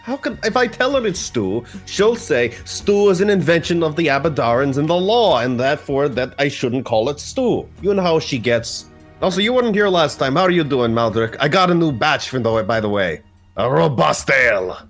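A man voicing a gruff older farmer father with a wobbly Scottish accent that slips toward Russian, boisterous and loud. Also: fairly high pitch, big pitch swings, normal speed, faint music behind. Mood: hearty. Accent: Scottish, drifting Russian.

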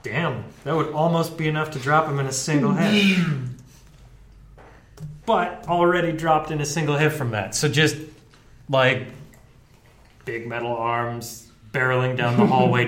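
A man's voice: mid-range voice, a bit bright. A man running a tabletop game as game master, narrating the action vividly in a casual way. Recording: echoey room with faint noise.

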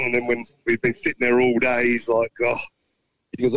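Excited Australian man on the phone. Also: medium pitch, fast talker, poor audio. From South Australia. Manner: excited, chatty storytelling with laughs. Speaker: winning pigeon racer, phone guest.

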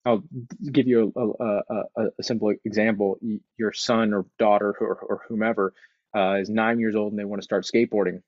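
A man's voice: lowish voice, level tone, fairly quick, no echo, muffled recording. A man giving an earnest motivational talk about changing his habits, speaking conversationally and repeating phrases for emphasis. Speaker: speaker sharing recovery story.

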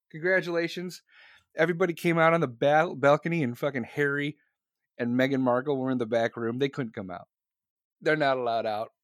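A man streaming live, chatting casually and profanely to his audience, excitable and laughing between remarks. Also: on the high side, no room sound, studio quality.

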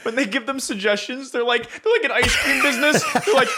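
A man's voice: very high voice, fast, hardly any pauses, background noise. A man co-hosting a podcast in casual chat, riffing on jokes and laughing hard. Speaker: podcast co-host.

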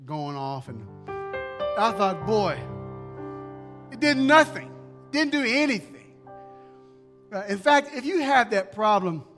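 A man's voice: sits high, fairly bright tone, in a large hall. A man pastor preaching a sermon in a church sanctuary, talking conversationally and repeating key phrases.

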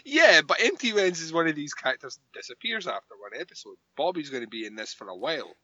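A man co-hosting a podcast in casual chat, animated and quick to laugh and swear. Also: on the high side, highs cut off. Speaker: podcast co-host.

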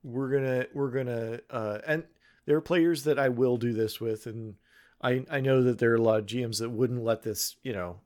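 A man's voice: mid-range voice, darkish tone. A man who runs tabletop games, chatting casually on a podcast and often stopping to restart his thoughts. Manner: halting, full of restarts. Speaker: tabletop game master.

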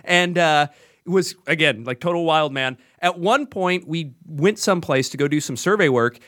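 A man co-hosting a podcast in casual chat, an animated storyteller who laughs often. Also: on the high side, moderate pace, no room sound, clean studio sound. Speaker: podcast host.

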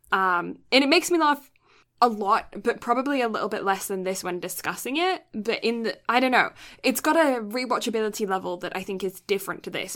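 A woman co-hosting a casual chat, weighing her opinion of an anime out loud with hedges and restarts. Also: mid-range voice. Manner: thinks aloud with hedges and restarts. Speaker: podcast co-host.

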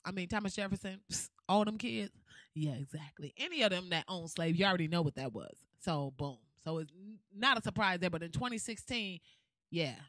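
A woman with a medium-pitched voice delivers a comedic, profane rant, recorded dry with clean studio sound. Animated and laughing often, she acts out quotes of what people would say in this casual bit.

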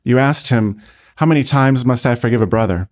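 A man playing a gentle, grieving mother who speaks quietly in a retold story. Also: mid-range voice, brisk, close to an everyday voice. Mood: tender. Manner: soft, quiet speech.

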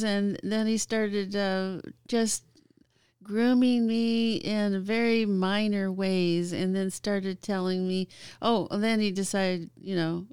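A woman recounts her own story in easy conversation, often stopping on fillers and laughing between phrases. Her voice is smooth and clear, and the recording is dry and close. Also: medium pitch, darkish tone, no room sound. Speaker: guest. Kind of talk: casual storytelling.

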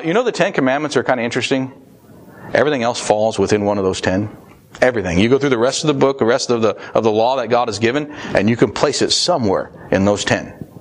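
Man preaching with rising emphasis. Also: medium pitch. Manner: reads scripture aloud, then preaches with rising emphatic stresses. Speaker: pastor. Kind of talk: sermon.

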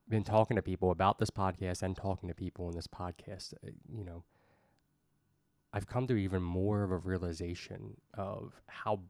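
Male podcast host, low gravelly voice, dry close sound; earnest, repetitive faith reflection. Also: a little mellow, no echo. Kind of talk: faith-based conversation.

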